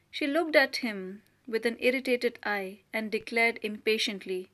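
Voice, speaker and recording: Audiobook reader: woman, fairly high voice, steady measured story narration. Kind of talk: scripted narration of a short story.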